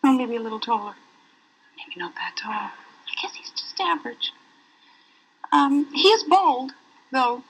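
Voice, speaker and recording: A fussy, wealthy hotel guest stammers and trails off. Her voice is high and breathy. She speaks slowly, hunting for her words. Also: animated, exaggerated voice, poor audio. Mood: flustered. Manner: flustered, halting, trailing off. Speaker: hotel guest in a language course video.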